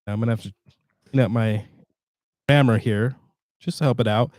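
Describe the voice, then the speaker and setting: A man hosting a casual screen-share tutorial, chatty and halting with fillers and restarts, sounding tired. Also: mid-range voice, fairly even intonation, a little mellow, no echo, studio quality. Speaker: tutorial host.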